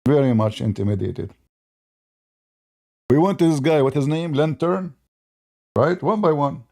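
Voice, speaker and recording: Man, gravelly, sarcastic debate-show host with a mellow, dark tone. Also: a little slow, dry recording, studio quality. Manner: mocking, sarcastic, imitates opponents in high voices. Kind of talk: polemical monologue.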